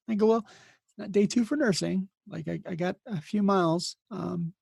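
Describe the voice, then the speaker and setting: A middle-aged man with a heavily gravelly, husky voice, recorded close and dry. He tells rambling, blunt anecdotes in a casual interview, putting on the voices of the people he quotes. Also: high voice, normal speed, a little mellow, no room sound. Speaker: emergency nurse and podcast host, here the guest.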